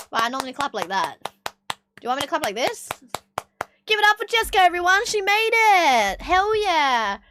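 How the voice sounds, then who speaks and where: A woman's voice: a little high, noisy background. An Australian woman streaming live, chatting casually with her chat, swearing freely and laughing often.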